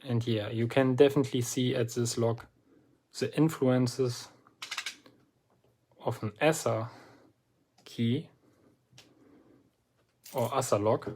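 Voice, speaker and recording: Slow, deliberate man explaining a lock. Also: medium pitch, fairly even intonation, a little mellow. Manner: slow and deliberate, pauses often between phrases. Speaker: lock picking hobbyist presenting a lock. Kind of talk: relaxed instructional walkthrough.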